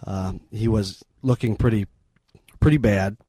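A middle-aged man, a missionary guest in an interview, retelling a story in an earnest, halting, sombre way. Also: on the low side, dark tone, husky, dry recording.

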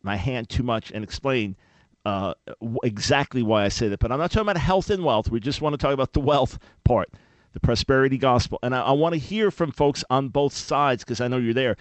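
A man's voice: medium pitch, fairly quick, no echo. A man hosting a call-in radio show, speaking in an earnest, emphatic way. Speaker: radio talk show host. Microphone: studio microphone.

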